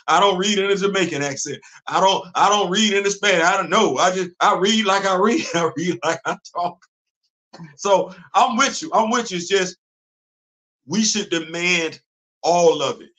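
A man's voice: high-pitched, pushed and bright. A man, hosting a casual livestream and talking in an emphatic, repetitive way, often laughing. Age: 50s. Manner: emphatic, preachy, repeats phrases, laughs often. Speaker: livestream host. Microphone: computer mic on a streaming setup.

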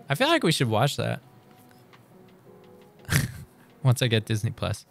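A man streaming live and chatting casually through a quiz, excitable and quick to swear as he reads lyrics aloud. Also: mid-range voice, vocal fry, soft background music.

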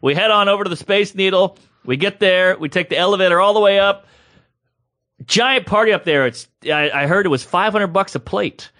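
A man co-hosting a podcast, telling a comedic story in a casual, animated way and acting out the voices of the people in it. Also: high-pitched, brisk. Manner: animated, acts out quoted voices. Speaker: podcast co-host.

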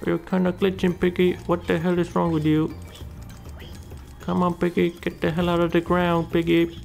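A man's voice: sits high, completely flat delivery, moderate pace, vocal fry, a little mellow, faint music behind. A man hosting a gaming channel, giving casual gameplay commentary and muttering and swearing at the game.

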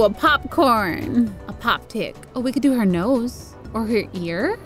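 A woman's voice: a little high, lively intonation, a little slow, hardly any pauses. Giggly chatty woman gamer. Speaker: gaming YouTuber. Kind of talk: let's play commentary. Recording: commentary over game music.

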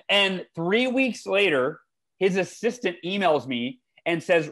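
Animated man telling stories. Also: normal speed. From United States. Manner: animated storytelling with big pitch swings. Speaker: guest author. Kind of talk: conversational podcast interview.

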